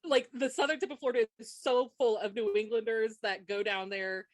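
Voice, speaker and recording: Woman podcast co-host, slightly high voice, chatty and laughing, dry close sound. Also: steady tone, brisk, dry recording. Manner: chatty, laughs often, reads quiz questions aloud. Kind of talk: casual chat.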